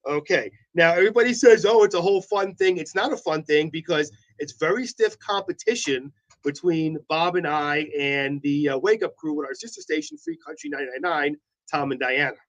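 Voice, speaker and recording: A man's voice: fairly high pitch, lively intonation, a little fast, fairly bright tone, rough recording. A man co-hosting a local morning show, joking and playfully defending himself in studio banter. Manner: playful, mock-defensive teasing.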